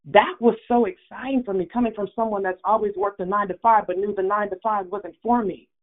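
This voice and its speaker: An earnest, upbeat woman shares a testimony on a prayer call. She comes through a thin phone line at an ordinary pitch. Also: steady tone, fast talker. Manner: earnest, upbeat, talks with many fillers. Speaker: caller sharing a testimony.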